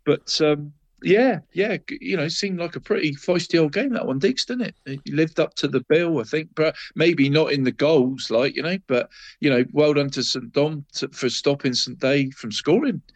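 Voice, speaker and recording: A man with a slightly high voice chats loosely through football results, nasal and bunged up from a cold. He keeps looping back with "mate" and little tag questions. The sound is close and dry. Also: normal speed, dry recording. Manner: rambling, says "mate" and "Deeks" constantly. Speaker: co-host, local football roundup. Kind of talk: casual radio chat.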